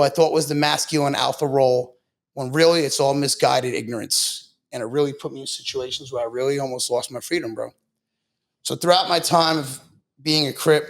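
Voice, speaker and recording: A man from Long Island, a podcast guest, telling his story in a blunt, profane, casual way and saying "bro" a lot. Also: medium pitch. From Long Island, New York.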